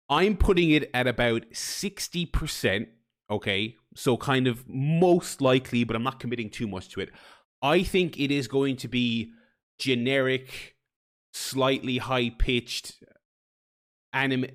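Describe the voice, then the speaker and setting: A man's voice: medium pitch, fairly bright tone. Rambling chatty male streamer. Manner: chatty, rambling with many restarts and swearing. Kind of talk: casual live-stream chat.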